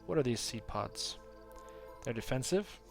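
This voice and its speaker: A gravelly-voiced man plays a card game on stream and talks himself through each move. He mutters to himself and reads the cards aloud in a plain, relaxed way, with quiet music playing behind him. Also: mid-range voice, measured pace. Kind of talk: casual gameplay commentary.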